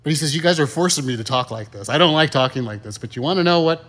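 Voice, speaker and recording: Male pastor, casual folksy sermon, slightly high voice. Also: animated, quick pace, fairly bright tone. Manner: conversational, folksy, with many fillers and rhetorical questions.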